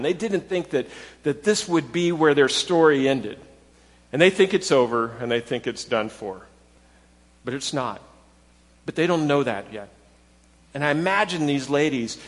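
A man preaching a sermon as a pastor, in a conversational, animated way, sometimes acting out people in a high, excited voice. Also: in a large hall.

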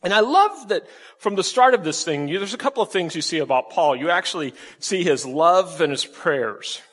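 A man preaching a sermon in a lively, conversational way, asking the congregation rhetorical questions. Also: sits high, moderate pace, big-room sound. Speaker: pastor.

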